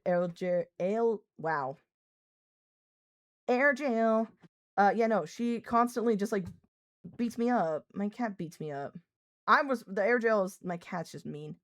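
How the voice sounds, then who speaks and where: A woman's voice: medium pitch, no echo. A young woman streaming live, chatting casually, laughing often, swearing freely and scolding her cat mid-sentence.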